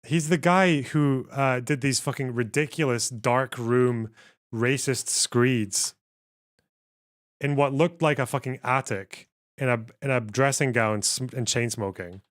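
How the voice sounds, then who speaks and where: A male streamer in casual livestream commentary, reacting bluntly and swearing freely. He speaks at a middle pitch and laughs often between remarks. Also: measured pace. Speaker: livestream host.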